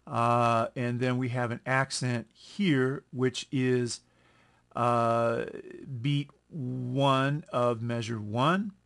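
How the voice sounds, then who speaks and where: A man teaching a music lesson over a screen recording, explaining at an unhurried pace, correcting himself and counting beats aloud. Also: mid-range voice, fairly even intonation, vocal fry, fairly bright tone. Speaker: music instructor.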